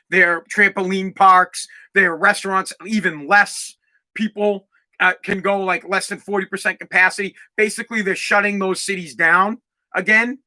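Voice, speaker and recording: A man from Massachusetts, hosting a solo podcast and ranting loudly with lots of swearing and restarts. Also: high voice. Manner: loud, swearing, repetitive restarts. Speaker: podcast host. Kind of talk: profane solo podcast rant.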